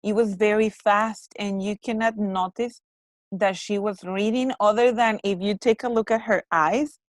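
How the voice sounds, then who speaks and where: A woman from Mexico teaching English, giving a class feedback on their pronunciation and repeating words slowly to model them. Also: medium pitch, steady tone, no echo.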